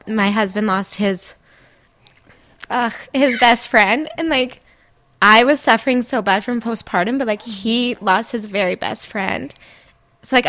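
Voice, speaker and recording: A young woman co-hosting a podcast, talking candidly in a halting way and often breaking off mid-sentence. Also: a little high, a bit bright, no room sound. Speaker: podcast co-host. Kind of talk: emotional casual chat.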